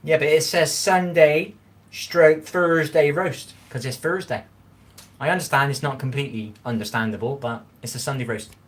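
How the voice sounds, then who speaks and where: A man's voice: on the high side, steady tone, normal speed, fairly bright tone. A man chatting casually with viewers while cooking on a livestream, rambling and repeating himself as he reads the chat. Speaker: livestream host reading chat.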